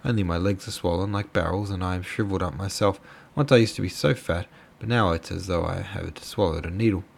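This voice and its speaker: A man's voice: low voice, fairly even intonation, brisk, gravelly. A man voicing a half-mad crippled older mother who rambles on with self-pity. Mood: rambling. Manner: rambling, aggrieved.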